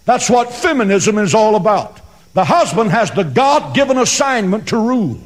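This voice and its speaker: Man, pastor, sermon, high voice, swooping pitch, emphatic, reverberant hall. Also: very animated, normal speed. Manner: emphatic, dramatic preaching with joke asides. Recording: long reverb of a large hall.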